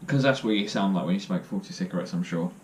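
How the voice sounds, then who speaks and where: Speaking fast in a low, slightly mellow voice, this young man vlogs straight to camera with self-deprecating jokes and casual anecdotes. He wanders from point to point and fills pauses with "um" and "uh," over a faint hiss or hum.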